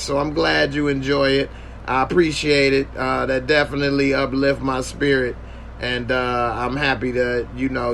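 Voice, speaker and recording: A man's voice: mid-range voice, gravelly, fairly bright tone, a little hiss or hum. A man hosting a casual livestream podcast, joking and slangy while thanking his viewers. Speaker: podcast host.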